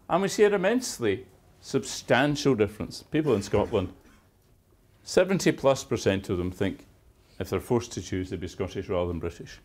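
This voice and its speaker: A man's voice: fairly low pitch, animated, moderate pace, darkish tone. A man giving a university lecture, with dry, wry asides and emphatic stresses on key words. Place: lecture theatre.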